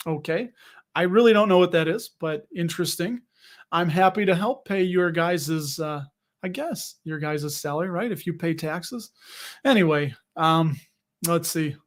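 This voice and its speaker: A young man with a rather high voice hosts a laid-back livestream. He chats with his viewers in a rambling, jokey way, full of fillers and quick self-corrections. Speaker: livestream host reading viewer comments. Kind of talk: casual livestream chat about dividend investing.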